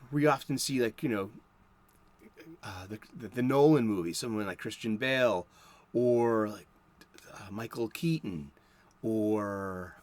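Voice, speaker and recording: With a mid-range voice and no room sound, a Boston-accented man in his fifties from South Boston, Massachusetts, hosts a comic book podcast. He talks casually on his own about comics, rambling off into joking asides.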